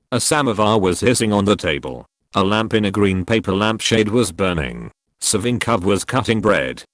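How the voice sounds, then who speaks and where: A man narrating a historical audiobook in a measured, expressive storytelling manner, recorded close up in a booth. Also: on the low side, dry recording. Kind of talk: scripted narration.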